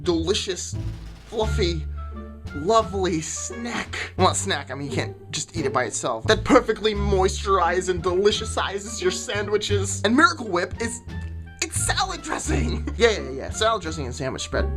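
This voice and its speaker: A woman vlogger delivering an exasperated, sarcastic comedic rant to camera. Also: mid-range voice. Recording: music clearly under the voice.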